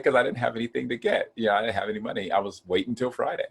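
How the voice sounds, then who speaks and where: Husky low-voiced man sharing his story. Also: fast. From Ohio. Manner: earnest, animated when acting out quotes. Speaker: guest. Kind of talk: casual testimony chat.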